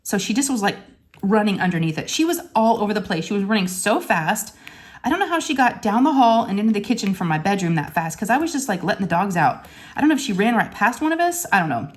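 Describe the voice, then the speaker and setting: A woman vlogger telling a story in a chatty, animated way, full of "I'm like" asides. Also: medium pitch, fast. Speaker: crafting vlogger. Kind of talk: casual storytelling vlog.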